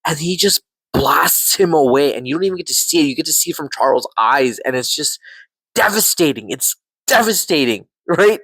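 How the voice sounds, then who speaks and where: Excitable swearing man, dry sound. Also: fairly high pitch, normal speed, husky, no room sound, low-quality recording. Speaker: podcast show reviewer. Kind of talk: casual excited review chat.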